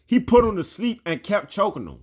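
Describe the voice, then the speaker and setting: A man's voice: sits high, very animated, brisk. A man giving a heated, profane opinion rant as a commentary host.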